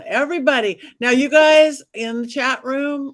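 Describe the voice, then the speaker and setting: A woman co-hosting a casual film discussion, briskly moderating and addressing the chat. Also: sits high, steady tone. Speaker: podcast co-host.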